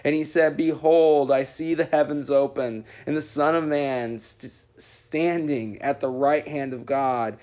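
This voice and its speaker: A man reading scripture aloud in a measured, solemn way as the regular reader of a daily reading program. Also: mid-range voice, fairly even intonation, a little mellow. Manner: slow, measured, solemn delivery.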